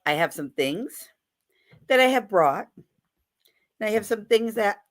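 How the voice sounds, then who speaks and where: Slow-talking playful woman hosting a livestream. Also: medium pitch, lively intonation. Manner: playful, chatty, greets viewers by name. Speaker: livestream host. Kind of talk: casual live-stream chat.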